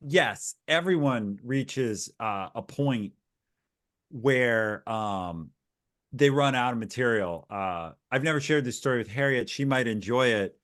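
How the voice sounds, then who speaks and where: A man's voice: mid-range voice, fairly bright tone. A man hosting a live webinar, talking loosely and telling stories, often restarting his sentences. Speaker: host. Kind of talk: casual webinar conversation.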